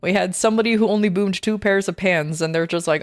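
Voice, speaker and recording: A woman's voice: medium pitch, expressive, fast, no echo. A woman VTuber streamer chatting casually while gaming, rambling and ranting in an exasperated way.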